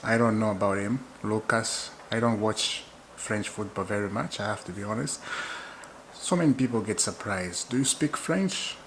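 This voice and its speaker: Excitable man chatting football. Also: lowish voice, normal speed, a little hiss or hum, low-quality recording. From Zambia. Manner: excitable and chatty, often laughing. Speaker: football channel host. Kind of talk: casual football chat to camera.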